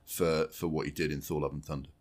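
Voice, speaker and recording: Low-voiced man, blunt and sweary. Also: level tone, fast. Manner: blunt, sweary, restarts a lot. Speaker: podcast co-host. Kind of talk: casual film chat.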